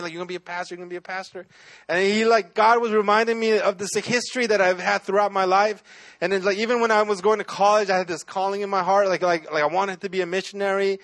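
A man's voice: high voice, fairly bright tone. A man, a pastor, telling his own testimony in a sermon, talking casually with many restarts and "right?" asides.

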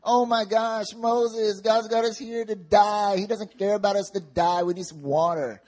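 A preacher mimicking a whiny thirsty grumbler. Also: male voice, sits high, steady tone, moderate pace, darkish tone, pitched above the performer's own voice, close to an everyday voice. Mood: whining. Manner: whining, complaining. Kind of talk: sermon.

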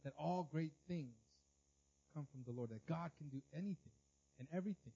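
A man's voice: on the high side, a little fast, gravelly, warm tone, breathy edge, highs cut off. A man preaching a sermon to his congregation, in a loose conversational way with fillers and rhetorical questions. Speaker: pastor.

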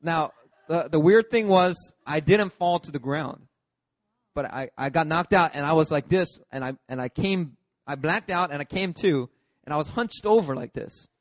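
A man, a pastor, preaching a sermon through a lively personal story, acting out the scenes. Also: on the high side, normal speed, no room sound. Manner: lively, acts out scenes with shifting voices.

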